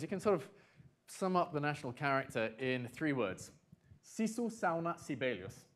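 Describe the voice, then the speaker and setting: A middle-aged man from Britain and France giving a conference talk to a live audience. He talks in a chatty way, puts questions to the room and slips in dry humor. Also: a little high. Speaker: conference speaker. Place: conference hall.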